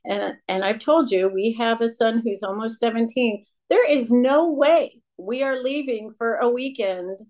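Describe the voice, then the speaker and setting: A woman's voice: on the high side, a little slow, few pauses, darkish tone. A woman in her late fifties from upstate New York, speaking candidly and self-deprecatingly from a stage as a recovery speaker, often restarting her sentences. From Rochester, New York, USA. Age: 50s. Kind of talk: personal testimony talk from a stage.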